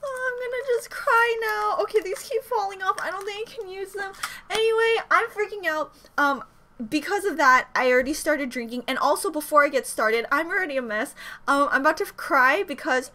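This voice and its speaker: A young woman chatting excitedly at home as a reaction vlogger, flustered and rambling, often restarting her sentences. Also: extremely high pitch, fairly quick, a little hiss or hum. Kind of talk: excited casual vlog chat. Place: home room.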